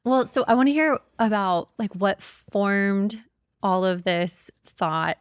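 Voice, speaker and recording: Woman podcast host, unhurried, middle pitch, dry close sound. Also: smooth, no room sound. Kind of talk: casual interview.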